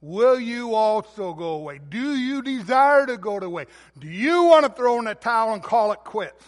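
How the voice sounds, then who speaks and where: A man delivers a sermon in an unusually high voice, pressing hard on his key words. His voice rings out with a long reverb tail, as in a large hall. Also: expressive, moderate pace. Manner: emphatic preaching, swells louder on key words. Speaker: pastor.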